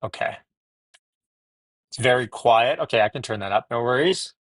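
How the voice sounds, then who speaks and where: A man hosts a relaxed live stream from home and rattles off viewer greetings in a friendly, chatty way. His voice sits in a middle pitch. The sound is dry and close, picked up by earbuds. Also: moderate pace, no echo. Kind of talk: casual live stream chat. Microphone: wireless earbuds.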